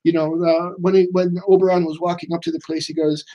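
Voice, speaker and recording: A man's voice: fairly high pitch, level tone, a little fast, warm tone, dull audio. A man chatting casually about a comic book, rambling and full of fillers. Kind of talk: casual chat.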